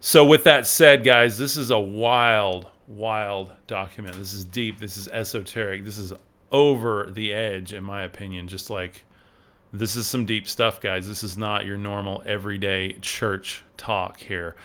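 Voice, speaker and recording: A man's voice: fairly low pitch, steady tone, measured pace, fairly bright tone. A man hosting a podcast, rambling casually as he answers viewer comments on a religious text. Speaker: podcast host.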